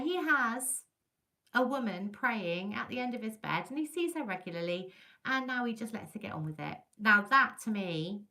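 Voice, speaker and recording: A chatty woman from England tells ghost stories on a casual livestream, her voice bright and clear. She talks in a lively, animated way and breaks off now and then to greet viewers by name. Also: a little high. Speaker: livestream host.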